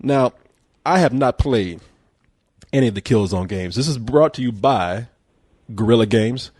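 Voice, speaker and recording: A man hosting a game podcast in casual, teasing banter, swearing freely as he goes. His voice sits at an ordinary middle pitch. The sound is close and dry, with no room around it. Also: lively intonation, measured pace, a little mellow, slightly rough, no echo. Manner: profane, joking, laughs often. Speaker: podcast host reviewing a game.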